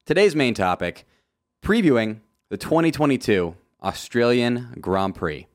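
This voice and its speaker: A man's voice: on the low side, no room sound, studio quality. A man hosting a solo motorsport podcast, reading from a script with jokey, self-deprecating asides. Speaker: podcast host.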